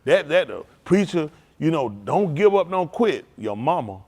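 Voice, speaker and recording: Lively, high-voiced male pastor preaching. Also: normal speed. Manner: animated, laughing, talks straight to the congregation. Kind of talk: informal sermon testimony. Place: synagogue service.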